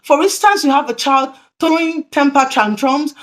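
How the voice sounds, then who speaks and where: A woman's voice: high voice, normal speed. A woman presenting tips to early childhood educators, earnest and repeating her key points. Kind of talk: instructional talk to camera.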